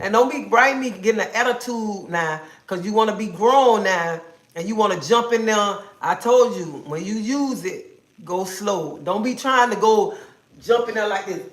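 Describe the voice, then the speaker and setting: A woman hosting a casual livestream from home, chatting and playfully scolding her viewers in a sassy, talkative way. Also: a little high. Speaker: livestream host. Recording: roomy echo.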